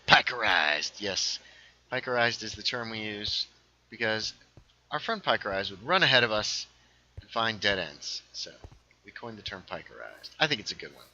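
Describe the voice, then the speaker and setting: A man with a very bright, sharp voice talks his way through a game livestream. He rambles from one thing to the next and reads viewers' comments out loud as he plays. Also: lowish voice, dull audio, a little hiss or hum. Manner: rambling, reads chat aloud, quick asides. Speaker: livestream host playing a game. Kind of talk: casual gaming livestream chat.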